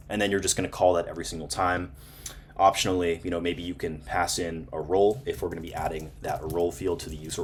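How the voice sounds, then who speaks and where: A man with a very low, deep voice talks through code in a relaxed, casual screen-share tutorial. He leans on fillers and keeps asking "right?" as he explains. Faint hiss sits under the recording. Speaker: programming tutorial host. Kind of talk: screen-share coding walkthrough.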